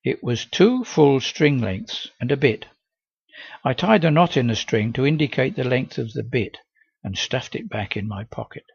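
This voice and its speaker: Gravelly, husky male storyteller. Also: medium pitch, no echo, dull audio. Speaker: audiobook reader. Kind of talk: first-person novel reading.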